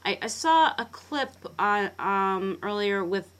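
A woman's voice: mid-range voice, animated, takes it slowly, a bit bright, clear, resonant tone. A woman guest expert talking conversationally on a radio talk show.

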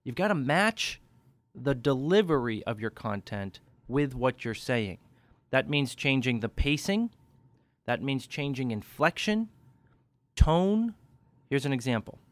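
A man's voice: mid-range voice, expressive, a little slow, dry recording. A man coaching public speaking in a podcast tip, talking energetically and pushing his inflection up and down for emphasis. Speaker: speech coach.

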